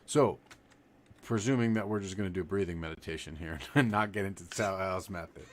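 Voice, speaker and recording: A man leading a live-streamed breathing lesson, talking in a relaxed, rambling way and demonstrating as he goes. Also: deep voice, brisk. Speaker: livestream meditation teacher. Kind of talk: casual live-stream instruction.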